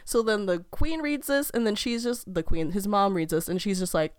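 Smooth-voiced woman rambling through a fairy tale. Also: medium pitch, moderate pace, hardly any pauses, no echo, studio quality. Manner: laughs often, rambling storyteller. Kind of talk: casual chat, retelling a fairy tale.

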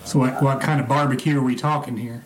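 A man's voice: medium pitch, steady tone, quick pace. A man co-hosting a casual chat, reading listener comments and adding dry, wry quips. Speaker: podcast co-host.

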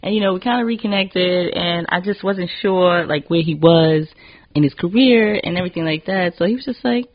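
A woman hosting a casual podcast chat, telling animated stories and acting out what people said, often laughing. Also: on the low side, fairly quick, lo-fi sound. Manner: animated storytelling, acts out quotes, laughs often. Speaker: podcast host.

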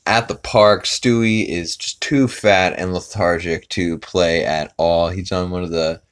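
A man's voice: sits low, fairly even intonation, measured pace, clear, resonant tone. A man hosting a podcast, casually retelling a cartoon episode in a rambling way, with lots of fillers and laughing along. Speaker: podcast host.

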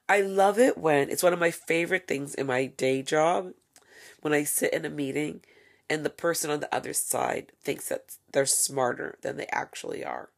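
A woman's voice: deep voice, measured pace, vocal fry, pauses often. A woman hosting a casual solo podcast, delivering sarcastic, profane, gossipy commentary. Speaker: podcast host.

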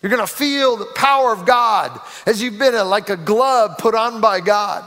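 High-pitched guy preaching a sermon, big echo like a church hall. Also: moderate pace, bright, forceful tone. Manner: preaching with rising emphasis and acted-out quotes. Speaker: pastor. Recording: reverberant hall.

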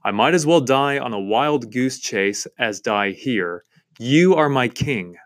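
A man voicing a gruff, loyal male dwarf soldier, reading his lines slowly and emphatically. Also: mid-range voice, expressive, no room sound, clean studio sound.

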